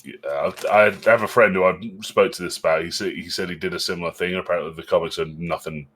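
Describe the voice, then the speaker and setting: A man with a fairly low voice chats casually about a movie on a podcast. He is easygoing and adds lots of yeahs and likes. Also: fairly even intonation, quick pace, a bit bright, a little hiss or hum. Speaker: podcast co-host. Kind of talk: casual film discussion.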